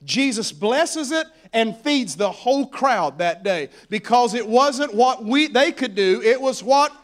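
A man preaching a sermon, animated and storytelling as he acts out the voices in the stories. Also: very high voice, a little slow.

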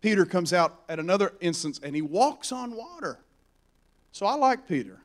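A man preaching a sermon, animated and storytelling as he acts out the voices in the stories. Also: high voice, normal speed.

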